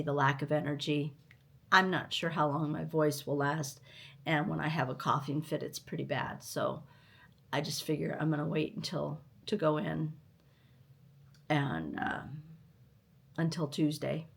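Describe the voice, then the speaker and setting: An older woman hosting a stitching vlog from home, chatting in a rambling, unhurried way while tired and recovering from illness. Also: low voice. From United States. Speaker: stitching channel host. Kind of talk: casual vlog chat.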